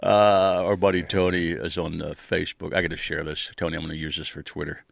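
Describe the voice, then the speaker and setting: A man's voice: low voice, level tone, fairly quick, gravelly, dry recording. A man hosting a casual chat show, joking loosely and laughing a lot as he talks. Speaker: host.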